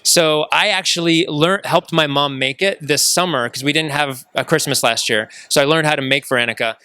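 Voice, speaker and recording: Bright, clear-voiced male host. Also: fairly high pitch, moderate pace, dry recording. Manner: upbeat, chatty, asks friendly questions. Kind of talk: casual chat.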